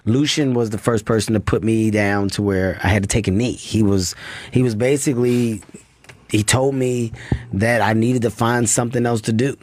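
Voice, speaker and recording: A man's voice: fairly low pitch, steady tone, moderate pace, darkish tone. A man in his thirties, a guest comedian, telling earnest stories in a casual studio interview. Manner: earnest storytelling. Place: radio studio. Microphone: studio mic.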